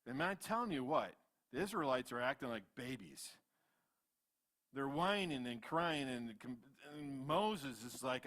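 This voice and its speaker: A man in his fifties, a pastor preaching a sermon in church, swinging between loud animated retellings and quiet asides. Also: medium pitch, unhurried. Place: church sanctuary.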